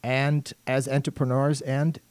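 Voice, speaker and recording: A man's voice: medium pitch, flat delivery, a little slow, darkish tone, smooth, no room sound. A man with a German accent hosting a radio talk show in a studio, chatting with guests in a friendly, upbeat way. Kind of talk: casual radio chat.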